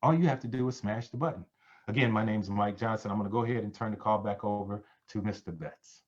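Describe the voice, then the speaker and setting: Man preaching a business pitch on a call, keeps saying family, muffled lo-fi sound. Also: quick pace. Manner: preachy, repeats "family" to the listeners. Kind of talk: sales pitch on a conference call. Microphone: conference call line. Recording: dull lo-fi call audio.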